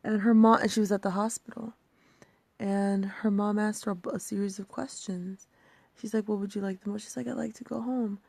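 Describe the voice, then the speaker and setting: A woman in her thirties vlogging personal reflections, emotional and halting, sometimes dropping to a near-whisper. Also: medium pitch, little pitch movement, gravelly, a little mellow, no echo.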